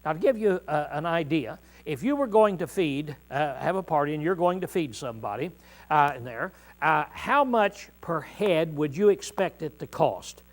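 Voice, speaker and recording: A middle-aged male preacher teaching a congregation in a folksy, conversational way, often clearing his throat and pausing with "uh". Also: on the high side, expressive, poor audio. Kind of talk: informal Bible teaching to a congregation.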